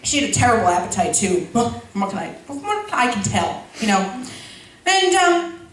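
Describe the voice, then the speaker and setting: A woman's voice: a little high, very animated, moderate pace. A woman doing stand-up comedy who rambles through a story with stumbling restarts and giggly asides. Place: school event hall. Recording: echoey hall, far from mic, noisy.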